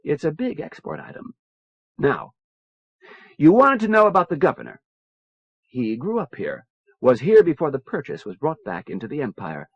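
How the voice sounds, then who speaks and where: A man voicing a poised young woman naval intelligence officer, calm and confiding, on a dull lo-fi cassette recording. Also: fairly high pitch, normal speed, long pauses, slightly rough, no room sound, full character voice.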